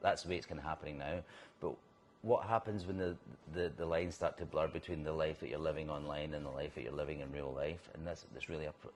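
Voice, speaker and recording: A middle-aged Scottish man chatting in an interview, telling animated stories and restarting sentences as he goes. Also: very deep voice, quick pace. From Scotland. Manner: animated storyteller, restarts and laughs mid-sentence. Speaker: actor guest. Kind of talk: casual interview chat. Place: whisky bar in a city centre.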